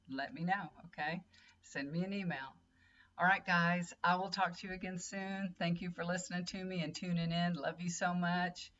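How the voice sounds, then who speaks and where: A woman's voice: low-pitched, fairly bright tone. Chatty middle-aged woman, muffled. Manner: rambling, chatty, talks straight to viewers. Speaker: tarot reader and energy healer. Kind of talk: casual chat to viewers. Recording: dull lo-fi audio with faint hum.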